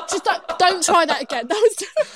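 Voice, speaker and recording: A woman's voice: extremely high pitch, lively intonation, brisk, crowd noise. A woman, chatting casually as a guest, giggly and rambling with lots of restarts. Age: 20s. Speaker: guest, traveler. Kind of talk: casual chat.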